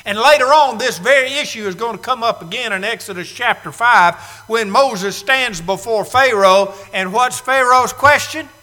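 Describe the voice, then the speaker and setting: A male preacher delivering an emphatic sermon with dramatic pauses and loud bursts. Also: very high voice. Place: church sanctuary. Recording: long reverb of a large hall.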